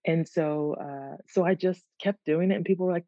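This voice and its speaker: Animated woman guest, dull dry recording. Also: low-pitched, brisk, creaky, no echo. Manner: animated, laughs easily, restarts words. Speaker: guest, content creator. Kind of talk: casual interview chat.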